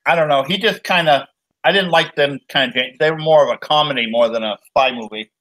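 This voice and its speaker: A man's voice: on the high side, fairly quick, fairly bright tone. A man chatting casually in a group livestream, giving offhand, hedging opinions. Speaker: chat participant.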